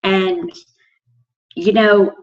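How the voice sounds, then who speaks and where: Woman in her 40s, coach on a team call, slow and emotional, muffled lo-fi phone sound. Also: medium pitch. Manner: emotional, earnest, laughs between thoughts. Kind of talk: sharing on a team conference call. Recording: dull lo-fi conference call.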